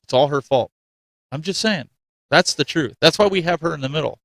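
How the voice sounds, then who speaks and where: Animated, self-mocking male show host. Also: a little high, brisk, dry recording. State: getting a cold. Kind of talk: casual live-stream chat.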